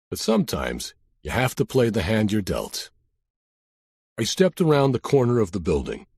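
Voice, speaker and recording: A man's voice: on the low side, a little mellow, slightly rough, dry recording. A man narrating a crime audiobook in the first person, with a dry, wry storytelling manner.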